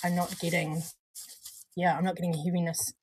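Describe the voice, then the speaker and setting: A woman co-hosting a casual live stream, chatty and unhurried, often trailing off and laughing. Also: fairly low pitch, level tone, husky. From Australia or New Zealand. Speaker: co-host of a vape review stream.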